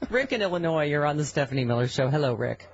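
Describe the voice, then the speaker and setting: A woman's voice: sits low, lively intonation, fast talker, slight background noise. A woman hosting a radio talk show, chatting and arguing in an exasperated way with frequent laughs and restarts. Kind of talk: casual radio chat. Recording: slightly muffled radio broadcast.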